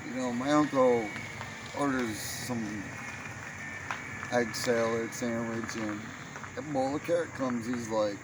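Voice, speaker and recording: Slow rambling male storyteller. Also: medium pitch. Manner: rambling, chuckling at his own stories. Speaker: comedian telling stories. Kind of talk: casual storytelling monologue. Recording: noisy background.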